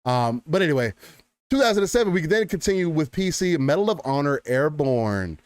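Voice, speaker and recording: A man in his twenties co-hosting a casual gaming podcast, joking and animated. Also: on the high side, a little fast, no echo. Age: 20s. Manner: animated, joking, drifts into announcer voice. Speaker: podcast co-host.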